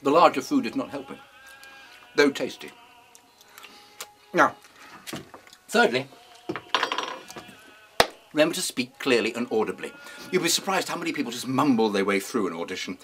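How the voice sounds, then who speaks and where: A man giving an acting lesson in a pompous, deadpan, mock-serious way. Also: medium pitch, normal speed, pauses often, soft background music. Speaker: acting teacher. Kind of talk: mock-serious instructional talk.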